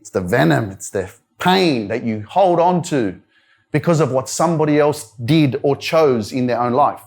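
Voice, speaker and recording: A man's voice: medium pitch, expressive, normal speed, darkish tone. A young Australian man giving a motivational talk at a live event. He tells a personal story candidly, with many fillers like "you know". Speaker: motivational speaker. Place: wellness centre event room.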